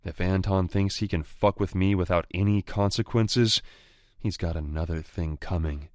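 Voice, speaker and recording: Male audiobook narrator, deep, slow, growling, dry close read. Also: steady tone, a little mellow, dry recording. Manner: growling, menacing. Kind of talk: first-person romance audiobook narration.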